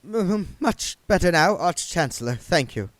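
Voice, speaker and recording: A man's voice: high-pitched, expressive, a little slow, no echo, voice pushed up. A man reading aloud and voicing a nervous wizard bursar who stammers and repeats himself in a panic. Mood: jittery. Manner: stuttering, panicky.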